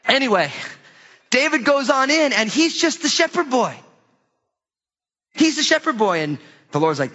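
High, bright-voiced man preaching in a hall. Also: moderate pace, highs cut off. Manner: animated storytelling, acting out voices. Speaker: pastor. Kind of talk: sermon.

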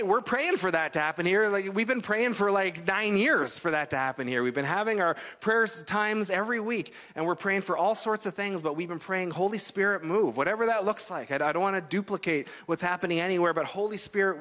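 A man's voice: high voice, fairly bright tone. Conversational male pastor in a reverberant hall. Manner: conversational storytelling with many fillers and restarts. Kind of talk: sermon.

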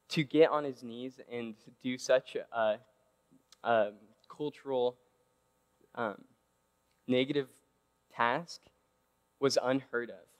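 A man giving a casual, conversational sermon who keeps checking in with his listeners by asking "right?". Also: medium pitch. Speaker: preacher. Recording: long reverb of a large hall.

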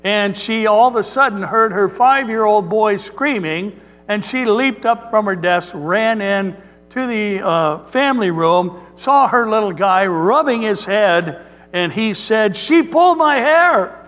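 Pastor, male, high voice, earnest measured sermon delivery, hall reverb. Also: a bit bright, muffled recording. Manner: storytelling, earnest and measured preaching.

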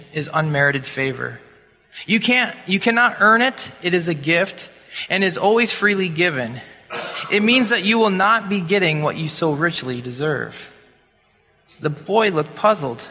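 A male preacher tells a sermon story dramatically, acting out sound effects along the way. His voice sits fairly high and sounds bright and forceful. It rings through a hall with long reverb.

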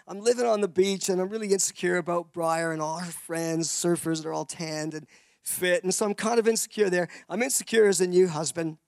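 A man's voice: high voice, steady tone, brisk, creaky, no echo. A man from Canada, giving a rambling testimony sermon full of restarts and acted-out voices.

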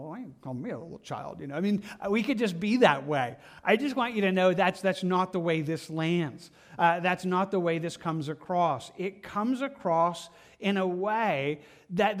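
Higher-voiced man preaching a conversational sermon. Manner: conversational, earnest, with frequent "like" and repeated words. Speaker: pastor.

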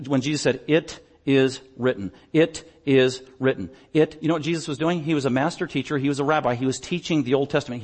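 A man preaching a sermon as pastor, emphatic, swinging between loud declarations and quiet asides. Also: on the high side, husky. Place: church stage.

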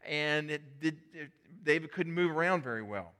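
A man's voice: a little high, lively intonation, moderate pace, bright, forceful tone, slight background noise. A male pastor preaching a sermon, retelling a story in a conversational way with rhetorical questions.

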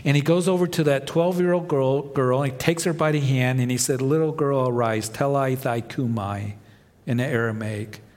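Male pastor preaching, swells up then drops real soft, long hall echo. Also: medium pitch, fairly even intonation, moderate pace. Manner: preaching with rising emphasis and soft dramatic drops. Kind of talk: sermon. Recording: long reverb of a large hall.

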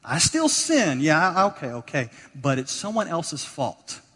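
A man preaching a sermon as pastor, emphatic, dropping to quiet asides and building to loud exhortation. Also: on the high side, wildly swooping pitch, unhurried, slightly rough. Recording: long hall reverb.

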